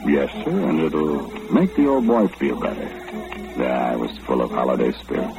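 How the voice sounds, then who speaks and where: An actor in an old-time radio drama playing an easygoing working man who tells his story in a folksy, relaxed way. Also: extremely low pitch, normal speed, creaky, loud music behind the voice, exaggerated voice. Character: easygoing middle-aged working man narrating his tale. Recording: dull lo-fi old radio recording with hiss.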